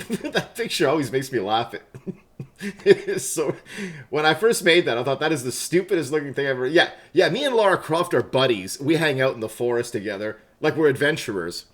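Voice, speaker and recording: A livestream gamer chats casually, laughing often, greeting viewers by name and wired on coffee while keyboard clicks sound behind him. His voice is on the high side, with lively intonation and a moderate pace.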